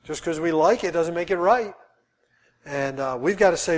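Emphatic high-voiced male preacher. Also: normal speed. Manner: emphatic, repeating key phrases. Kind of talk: sermon.

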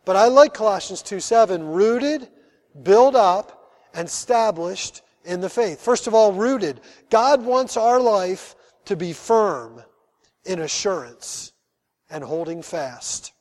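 A man with a high voice preaching a sermon as pastor. He tells stories and acts out their characters, and he is middle-aged. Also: a little mellow. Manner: storytelling, acts out the people in his anecdotes.

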